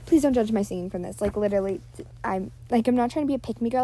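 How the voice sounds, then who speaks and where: A woman's voice: on the high side, quick pace, mellow, slight background noise. Chatty teen girl rambling on a podcast. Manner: chatty, filler-heavy, self-deprecating. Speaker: podcast host. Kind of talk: casual rambling monologue. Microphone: built-in device mic.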